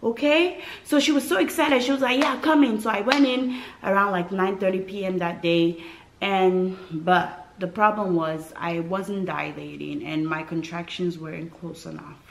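Animated woman telling her birth story. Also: lowish voice, moderate pace, creaky, low-quality recording. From West Africa. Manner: animated, dramatic retelling with acted quotes and asides to viewers. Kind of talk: casual storytelling to camera.

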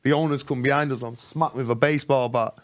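A man's voice: medium pitch, fast talker. A man, a podcast guest telling his own story in casual street slang and acting out the voices of others. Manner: animated, acts out the voices of others. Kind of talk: storytelling interview.

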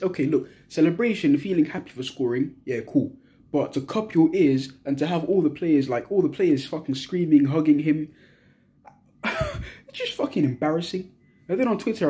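A man's voice: mid-range voice, dark tone. A young man, giving a heated post-match reaction as a football fan, swearing freely and repeating himself in frustration.

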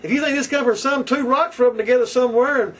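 High-voiced fiery man preaching a sermon. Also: quick pace, fairly bright tone, husky. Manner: preachy, repetitive, fiery and confrontational. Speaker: pastor. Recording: distant from the mic.

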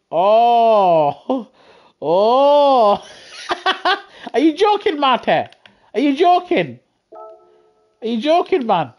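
A man with a high voice, giving excitable live commentary on a racing game, chatting with viewers and yelling as he gains places. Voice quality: high-pitched voice. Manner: excitable, yelling at the race, laughing often. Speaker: gaming streamer.

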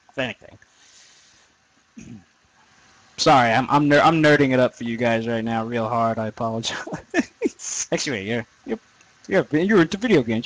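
A young man commenting on his own gameplay in a loose, rambling way, swearing freely and making fun of his own nerdiness. His voice sits at an everyday middle pitch, neither high nor low. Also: fairly bright tone, low-quality recording. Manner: profane, rambling, self-deprecating. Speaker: gaming commentator. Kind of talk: let's play commentary.

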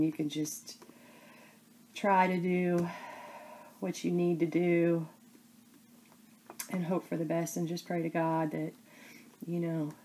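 A woman chatting casually to camera as a crafting vlogger, rambling and halting with many fillers. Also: fairly low pitch, mellow, a little hiss or hum.

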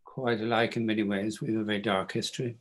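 A man's voice: lowish voice, level tone, quick pace. An older man, a guest author telling stories in a wry, self-deprecating way at a bookstore interview. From Ireland.

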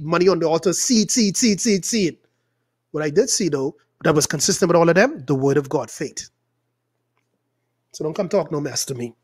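A man from the Bahamas with a Bahamian accent, a pastor preaching angrily and emphatically, swinging between loud outbursts and quieter asides. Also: a little high, slightly rough. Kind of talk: impassioned preaching.

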